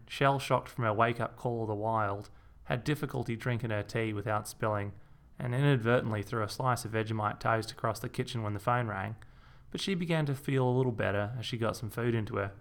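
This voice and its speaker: Brief: male storyteller, dry deadpan delivery, gravelly texture. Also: fairly low pitch. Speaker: narrator. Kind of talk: comic audiobook narration.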